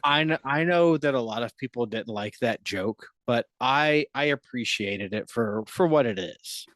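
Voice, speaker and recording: A man's voice: mid-range voice, expressive, unhurried, a bit bright, dry recording. A man discussing a movie in a casual podcast chat, giggling and stammering through restarts.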